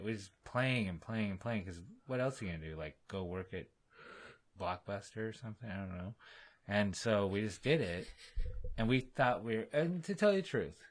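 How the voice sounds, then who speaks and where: Deep-voiced male podcast guest, relaxed anecdotal storyteller, acts out quotes. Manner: animated, laughing, acts out quotes in other voices. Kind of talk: casual storytelling.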